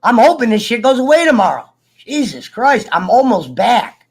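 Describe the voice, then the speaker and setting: A man's voice: very high voice, very animated, normal speed, husky. A man with a cough chatting casually to viewers, swearing, joking and laughing between fits of coughing. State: coughing, sick. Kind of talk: casual rambling chat to viewers.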